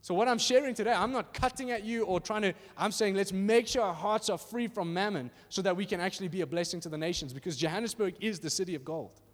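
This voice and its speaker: A man with a high voice preaches to a congregation, conversational and animated, often checking in with his listeners. His voice rings out with the long reverb of a large hall. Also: quick pace, hardly any pauses. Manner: animated and conversational, acting out little voices, asks "are you with me?". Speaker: pastor. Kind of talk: sermon. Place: church hall.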